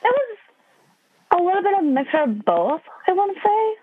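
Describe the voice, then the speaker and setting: A woman's voice: very high-pitched, big pitch swings, a little fast. A young woman in her twenties from Wisconsin, a podcast guest telling stories casually, full of "like" fillers. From Wisconsin, USA. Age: 20s. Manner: chatty, lots of "like" fillers. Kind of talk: casual storytelling. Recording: dry phone-line sound.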